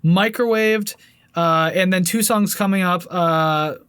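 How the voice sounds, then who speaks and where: A man's voice: sits high, slow pace, a bit bright, clear, resonant tone. A man co-hosting a casual music review podcast, rambling and laughing often with frequent restarts. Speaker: podcast co-host.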